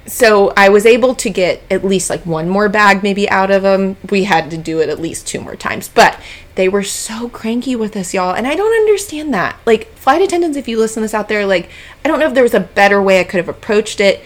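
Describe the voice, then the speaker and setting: Woman in her 30s on a podcast, chatty storytelling, says y'all a lot, mid-pitched. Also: fairly quick. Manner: chatty, animated, addresses listeners as y'all. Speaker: podcast co-host. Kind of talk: casual storytelling chat.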